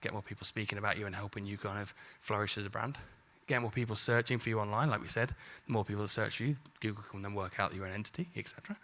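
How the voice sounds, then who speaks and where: A man's voice: lowish voice, very fast, few pauses, bright, forceful tone. A man in his forties giving a live conference talk on marketing, casual and jokey, with the odd mild swear. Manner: jokey, casual, swears lightly, acts out exchanges. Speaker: conference speaker.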